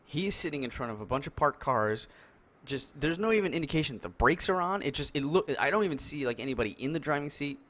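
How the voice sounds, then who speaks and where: On a podcast call, a male co-host chats casually and tells an animated story, full of fillers and acted-out quotes. His voice is fairly high and fast, picked up by a headset or desk mic on a video call.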